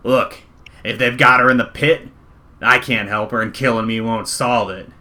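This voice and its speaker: A man playing a gaudy crime boss who has lost his footing. He blusters and pushes back, pitched up and loud. The voice stays bright and forward. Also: steady tone, moderate pace. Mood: pleading. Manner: blustering, defensive. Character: nervous gaudy male thug boss.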